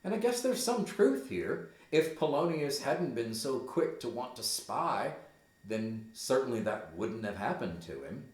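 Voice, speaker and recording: A man walks through a play line by line, stopping for casual, explanatory side notes. He talks at an unhurried pace with lively ups and downs in pitch. The room around him is echoey. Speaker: teacher. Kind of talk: reading a play aloud with commentary.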